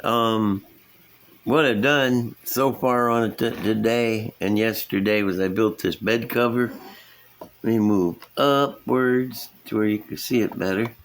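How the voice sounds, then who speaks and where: A man's voice: fairly low pitch, unhurried, slight background noise. A middle-aged man, casually showing his model builds at an indoor workbench and chatting in a folksy, rambling way. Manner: folksy, rambling, chuckles at himself. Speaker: scale model builder, channel host.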